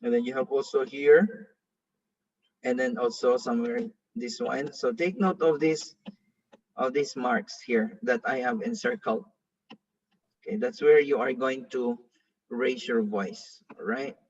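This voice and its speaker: A man teaches a reading class as a pastor, patiently repeating words for his students. His slow, slightly husky voice comes from a distance. The recording sounds dull and lo-fi. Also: mid-range voice. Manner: patient, drills pronunciation with repeated examples. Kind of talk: classroom lesson.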